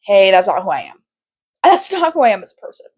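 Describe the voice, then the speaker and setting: Young woman podcast host rambling, candid and animated, swears a lot, lots of likes and ums. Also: mid-range voice, brisk, slightly rough. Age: young adult. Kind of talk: casual chat.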